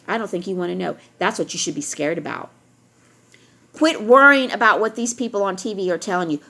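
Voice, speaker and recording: A woman ranting straight to her viewers, emphatic and lecturing, driving points home by repeating them. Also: fairly high pitch. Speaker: vlogger addressing viewers. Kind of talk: direct-to-camera rant.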